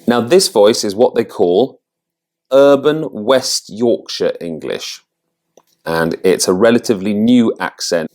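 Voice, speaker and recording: A man working as an accent coach, thinking aloud as he rates quiz answers, with halting restarts. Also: on the low side, a little mellow. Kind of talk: casual commentary on a quiz.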